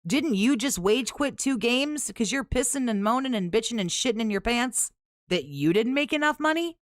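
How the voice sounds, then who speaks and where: A woman's voice: fairly high pitch, expressive, normal speed, dry recording, clean studio sound. A woman hosting a commentary channel, cutting into clips with profane, sarcastic, scornful remarks. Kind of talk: mocking clip commentary.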